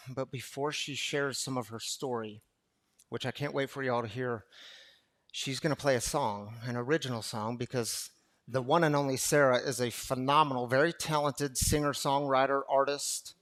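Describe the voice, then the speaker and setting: A man preaching a sermon to a recovery gathering, impassioned and repetitive, swinging from loud to hushed. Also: medium pitch, fairly even intonation, normal speed. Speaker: pastor.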